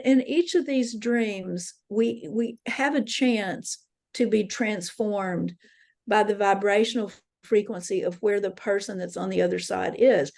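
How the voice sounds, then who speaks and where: A woman's voice: mid-range voice, warm tone. A woman leading a dream workshop, telling personal dream stories in an earnest, reflective way. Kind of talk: spoken workshop talk. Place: interfaith center meeting room.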